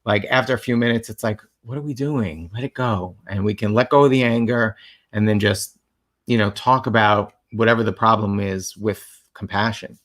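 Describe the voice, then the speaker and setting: A man's voice: fairly low pitch, level tone, normal speed, a bit bright. A man co-hosting a livestream about relationships, talking in an earnest, reflective way, with lots of fillers. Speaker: co-host of a couples livestream. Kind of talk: casual conversational talk.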